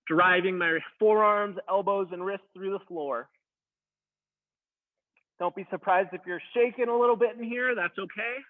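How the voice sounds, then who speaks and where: A high-pitched, steady-toned fitness instructor speaks at a measured pace, casually cheering on beginners while straining to hold a plank. It sounds tinny, as if over a phone.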